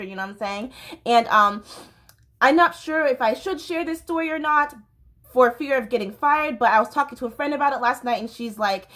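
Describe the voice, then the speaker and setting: A woman's voice: on the high side, fairly bright tone. A woman in her thirties, a dance teacher, telling personal stories in a candid, rambling way, full of fillers and restarts. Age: 30s. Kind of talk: personal storytelling vlog.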